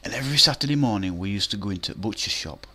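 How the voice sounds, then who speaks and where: A man's voice: lowish voice, lively intonation, racing, pushed and bright. A man telling a comic anecdote, rambling and colloquial with many fillers. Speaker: storyteller.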